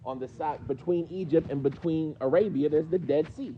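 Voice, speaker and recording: Man, New York accent, teacher, slightly high voice, conversational, quizzing students, muffled lo-fi recording. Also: moderate pace, background noise. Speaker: teacher explaining hadith. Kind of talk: classroom lesson with questions. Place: mosque classroom.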